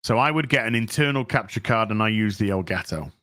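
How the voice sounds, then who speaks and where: A man hosting a casual livestream, reading viewer donations and answering them in an animated, profane and boastful way. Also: fairly low pitch, fast, no room sound, studio quality. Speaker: streamer host.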